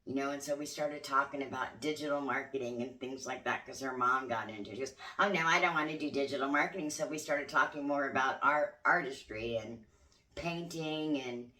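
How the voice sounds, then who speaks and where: A woman's voice: extremely low pitch, moderate pace, sharp tone, far from the mic. An older woman, a grandmother, speaking candidly and earnestly in a reflective spiritual vlog. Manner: candid, earnest, occasionally swears. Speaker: spiritual vlogger. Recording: roomy sound, voice away from mic.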